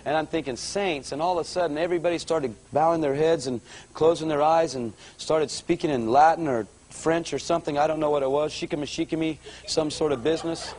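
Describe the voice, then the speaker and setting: A man giving a conversational sermon testimony at a live church service, his storytelling growing excited and louder. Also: a little high, fast, rough recording. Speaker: guest speaker giving a testimony.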